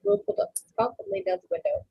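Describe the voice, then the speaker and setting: A woman's voice: very high voice, very animated, racing, gravelly, muffled recording. A woman casually reading a novel aloud in first person, stumbling over words now and then and correcting herself as she goes. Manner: unpolished reading with slips and self-corrections. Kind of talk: casual read-aloud narration.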